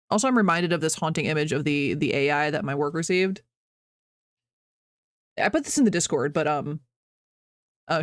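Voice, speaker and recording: A woman's voice: mid-range voice, dry recording, studio quality. A woman streamer chatting casually to her viewers from her home office, bubbly, rambling and self-deprecating. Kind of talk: casual live-stream chat.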